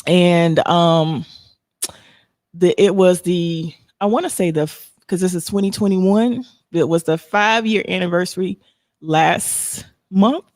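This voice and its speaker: A woman's voice: lowish voice, slow pace, no echo, clean studio sound. Emotional woman podcast host. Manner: emotional, expressive, laughs often. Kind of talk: casual live podcast chat.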